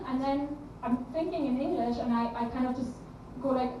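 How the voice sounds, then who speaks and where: A woman's voice: sits high, brisk, few pauses, darkish tone, far from the mic, dull audio, slight background noise. A young woman performing stand-up comedy on a club stage, chatty and self-deprecating, with many ums and restarts. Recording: echoey room, mic heard from afar, crowd.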